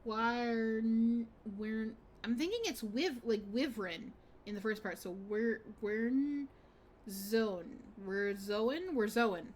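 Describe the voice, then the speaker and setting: A woman's voice: fairly high pitch, takes it slowly, a little mellow, slight background noise. A woman streamer casually commenting on a game, chatty and laughing, often stopping herself mid-sentence. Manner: chatty, laughing, self-interrupting. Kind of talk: casual let's-play commentary.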